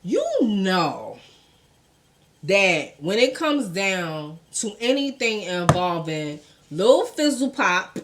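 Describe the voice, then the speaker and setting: Blunt, profane woman with a lively voice. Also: mid-range voice, slow pace, slight background noise. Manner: blunt and profane, with laughing asides. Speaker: host of a celebrity gossip commentary show. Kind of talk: casual opinionated commentary.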